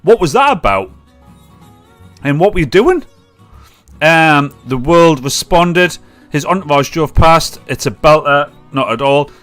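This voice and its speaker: A man's voice: a little high, expressive, unhurried, long pauses, a bit bright, soft background music. A man with a Mackem accent hosting a casual live-stream chat, rambling and swearing freely. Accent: Mackem (Sunderland).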